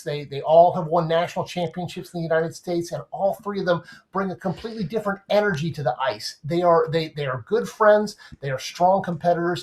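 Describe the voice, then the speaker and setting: A man, a guest sports writer, talking in a casual podcast discussion and explaining things in an animated way with everyday comparisons. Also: a little high.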